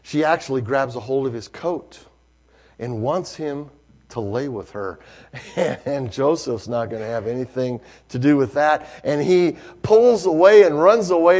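A male preacher, telling a story in a sermon, swinging from hushed to loud. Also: on the high side, measured pace.

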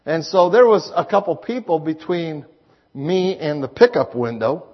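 A man's voice: on the high side, big pitch swings, moderate pace. A man preaching a sermon, telling folksy personal stories with emphatic rises in his voice. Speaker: pastor. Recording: slightly dull lo-fi sound.

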